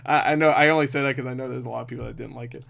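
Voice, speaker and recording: A man's voice: mid-range voice, fairly even intonation, racing, gravelly, a bit bright. A man chatting casually about box office numbers as a movie reviewer, swearing freely and laughing often.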